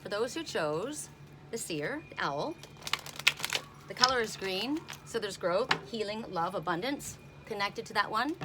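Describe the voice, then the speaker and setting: A woman's voice: mid-range voice, animated, a little slow, over loud music. A middle-aged woman doing an oracle card reading outdoors, blunt and indignant in her asides. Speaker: tarot and oracle card reader.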